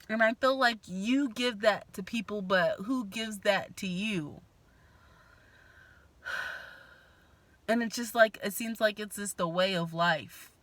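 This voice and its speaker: Frank, blunt and profane, a tarot reader talks casually through a spoken reading, sighing between thoughts and laughing. Her voice is fairly low-pitched with a fairly bright tone, recorded with no room sound.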